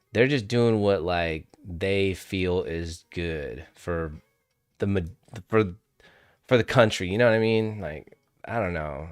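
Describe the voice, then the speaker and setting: A man's voice: low voice, no echo, clean studio sound. A man hosting a trading livestream in casual, rambling chat, laughing often and swearing freely.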